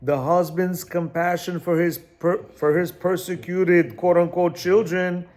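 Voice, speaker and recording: A man's voice: high-pitched, little pitch movement, unhurried, a little mellow. A man teaching a class, reading from a text and explaining it, repeating phrases and checking in with his listeners.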